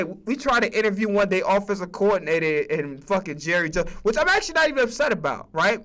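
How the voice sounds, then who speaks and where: A man with a high, bright voice rants about football on his stream. He talks emphatically and swears often, tripping over quick restarts as he builds his points. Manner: emphatic, profane, animated, with frequent stammered restarts. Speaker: streamer and sports commentator. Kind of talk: casual sports rant.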